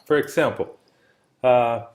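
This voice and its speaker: A man's voice: mid-range voice, slow pace, a little mellow. Male tutor on a video call. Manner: explains patiently with examples, checks understanding. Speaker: English tutor. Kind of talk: online English lesson.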